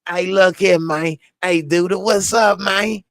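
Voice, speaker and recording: A man doing an impression of a smooth-talking film actor, drawling and tacking "man" onto his lines. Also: sits high, fairly even intonation, slow, fairly bright tone, no echo, studio quality, voice pushed up, exaggerated voice.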